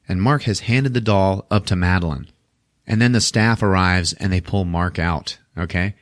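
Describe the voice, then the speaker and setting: A man with a very low voice recaps a horror movie for his podcast in a casual, animated way. He laughs often and swears freely. The recording is dry and close, with no room sound. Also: moderate pace, no echo. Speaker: podcast host.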